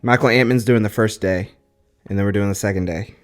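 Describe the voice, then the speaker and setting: Matter-of-fact man, lowish voice. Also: a little fast. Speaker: music educator and presenter. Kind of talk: casual chat.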